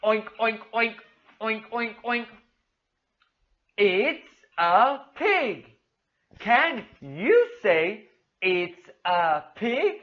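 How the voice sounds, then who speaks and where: A rather high-voiced woman leads a young child through an English lesson, stretching every word out slowly. She piles on cheerful, sing-song praise and calls names out loudly. The recording sounds dull and a little muffled. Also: big pitch swings. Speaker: English teacher for young learners. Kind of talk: demo of a kids' English lesson.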